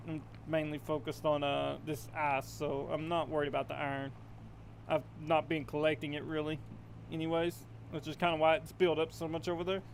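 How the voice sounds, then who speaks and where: A young man hosting his gaming channel, rambling to himself as he plays and quickly getting alarmed. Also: on the high side, slight background noise. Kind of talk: game commentary.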